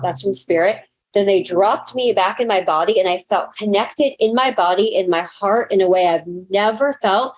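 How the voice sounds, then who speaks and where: A woman in her thirties, a guest in an interview, telling a personal story in an earnest, expressive way that rises sharply in pitch when she gets excited. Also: normal speed.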